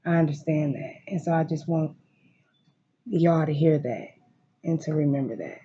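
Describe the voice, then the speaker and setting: A tarot reader speaks straight to viewers with a dark, mellow tone, full of emotion and repeating encouragement over and over. They swear freely and lean hard on each phrase. The home recording sounds slightly muffled and lo-fi, with a faint hiss behind the voice. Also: mid-range voice, moderate pace. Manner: emphatic, repetitive, profane, emotionally intense. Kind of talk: tarot card reading, direct address to viewers. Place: room at home.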